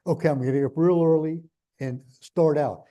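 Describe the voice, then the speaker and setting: An older man with a New York accent speaks bluntly, rambling from one story to the next with jokes along the way. His voice sits fairly high but sounds mellow and dark. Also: fairly even intonation, a little fast. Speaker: guest speaker. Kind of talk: conversational interview on stage.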